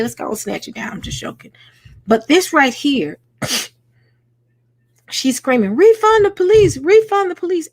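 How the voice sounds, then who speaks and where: A woman hosts a late-night livestream, speaking earnestly and conversationally as she talks straight to her chat. Her voice sits fairly high, and the recording is close and dry, with no room sound. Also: no room sound. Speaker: host.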